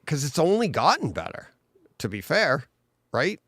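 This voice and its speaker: A man in casual podcast chat, telling an animated story and acting out other people's lines. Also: fairly high pitch, moderate pace, no echo, clean studio sound.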